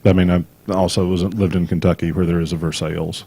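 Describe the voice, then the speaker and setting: Halting deep-voiced man from Mississippi. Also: little pitch movement, mellow, breathy edge. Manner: halting, many ums and restarts. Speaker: podcast co-host. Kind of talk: casual chat.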